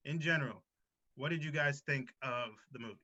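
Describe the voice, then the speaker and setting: A man's voice: medium pitch, fairly quick, sharp tone. A man hosting a casual podcast, opening the show in a loose, joking way with some swearing. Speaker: podcast host. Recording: dull lo-fi sound.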